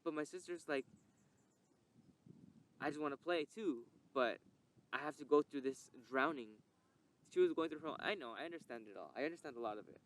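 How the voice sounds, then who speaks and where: Young man, candid rambling testimony, slightly high voice, emotional, swears casually. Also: expressive, fast talker. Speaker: podcast host. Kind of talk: reflective personal testimony monologue.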